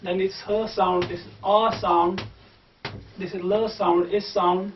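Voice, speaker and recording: High-voiced man teaching verse pronunciation. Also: little pitch movement, slight background noise. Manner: slow, repetitive sound-by-sound spelling out. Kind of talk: explaining Persian verse pronunciation. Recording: distant, echoey, dull room recording.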